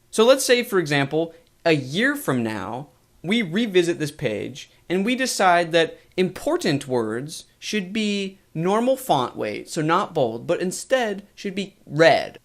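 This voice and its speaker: A man teaching web development in a screencast coding lesson, explaining things in a measured way with emphasis on key points. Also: fairly high pitch.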